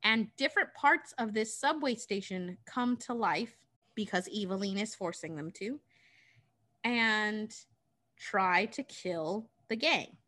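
A woman chats her way through a story recap, loose and profane. Her voice is bright and crisp. She pads her sentences with casual fillers. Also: medium pitch, animated, slow. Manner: chatty, profane, filler-heavy.

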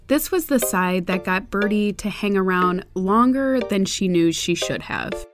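Woman narrating over soft music. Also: medium pitch, animated, unhurried. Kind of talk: scripted narration.

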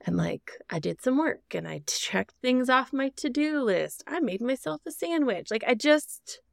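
A woman co-hosting a podcast in casual chat, excitable and animated as she talks. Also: high voice, measured pace, gravelly, no room sound, clean studio sound. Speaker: podcast co-host.

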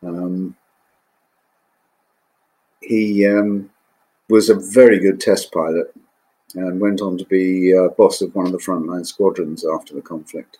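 An older man, a former naval pilot, recalling his flying days in an interview, measured and hesitant with frequent ums. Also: low-pitched, fairly even intonation, dark tone, slightly rough. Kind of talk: interview recollection.

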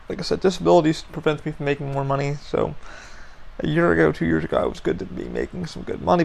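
A man hosting a solo podcast, venting his frustration in a gravelly voice full of fry and heavy swearing. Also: a little high, big pitch swings, fast, a little mellow, a little hiss or hum. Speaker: podcast host.

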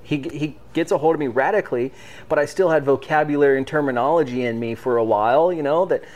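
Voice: medium pitch, fast, darkish tone. A podcast host talking with a guest in an enthusiastic, emphatic way. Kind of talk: podcast conversation.

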